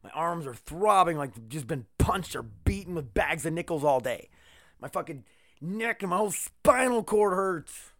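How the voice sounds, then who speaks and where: In clean studio sound with no room echo, a man hosts a casual solo podcast, rambling, cursing and cracking jokes while sore and tired after neck surgery, wearing a neck brace. His voice is a little high and a bit bright, with lively intonation at a moderate pace.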